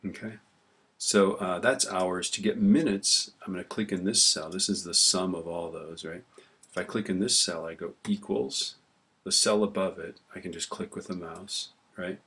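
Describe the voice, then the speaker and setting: A low-pitched man with a fairly bright tone and fairly even intonation explains a spreadsheet at a moderate pace in a screen-recorded tutorial. This teacher types throughout, casually asking "right?" often, with slight background noise and the clatter of keys.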